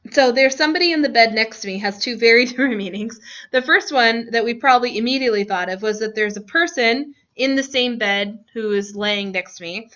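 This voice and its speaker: Bright-voiced woman teaching a class. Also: on the high side. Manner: laughs often, friendly questioning. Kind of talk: classroom lesson on grammar. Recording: dull lo-fi classroom recording.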